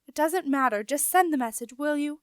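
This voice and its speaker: A woman's voice: high voice, fairly quick, dry recording, pitched above the performer's own voice, lightly acted. Woman reading as an impatient young princess. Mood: insistent. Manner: insistent, stern. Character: young royal girl, commanding and impatient.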